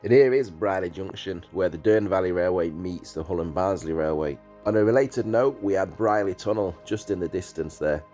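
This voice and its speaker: A man reading a calm, scripted voice-over narration for a railway video. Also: low-pitched, normal speed, hardly any pauses. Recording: voice-over with faint music behind.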